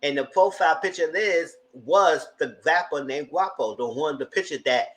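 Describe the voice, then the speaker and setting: A man casually retelling a reality show episode, animated and incredulous, jumping to high exclamations. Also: normal speed. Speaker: TV recap vlogger. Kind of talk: casual recap commentary.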